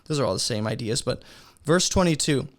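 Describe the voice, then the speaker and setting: A man teaching a beginner's Bible study lesson in a relaxed, conversational way, asking his listeners rhetorical questions. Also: mid-range voice, brisk.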